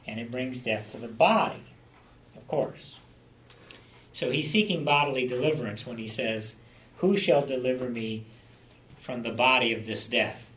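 A man's voice: medium pitch, normal speed, long pauses, a bit bright. A man leading a Bible study lecture, teaching in an earnest, emphatic expository way. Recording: echoey room, mic far off, faint ambience.

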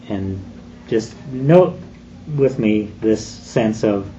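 Slow, mellow-voiced preacher man. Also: mid-range voice, dull audio, a little hiss or hum. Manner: deliberate, emphatic preaching with slow stressed phrases. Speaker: pastor. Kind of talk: sermon.

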